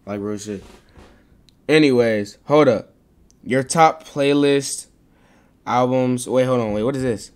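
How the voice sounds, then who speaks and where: A young man streaming live, reacting in a casual, rambling way, protesting over and over with excitable energy. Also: medium pitch, takes it slowly, pauses often, clear, resonant tone.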